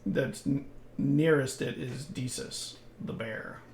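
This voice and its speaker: Gravelly, slow-talking male game master. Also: medium pitch, a little mellow, slight background noise. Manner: unhurried, halting with restarts. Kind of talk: narrating a tabletop game.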